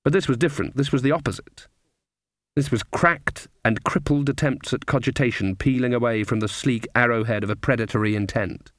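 A man's voice: mid-range voice, fairly bright tone, dry recording. Man narrating, dry close sound. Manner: measured, deliberate storytelling. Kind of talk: scripted audiobook narration.

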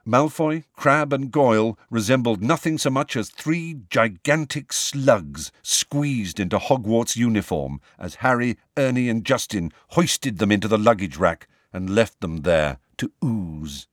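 A man narrating a novel as an audiobook, with expressive, varied storytelling. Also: medium pitch, a little slow, hardly any pauses, no room sound, clean studio sound.

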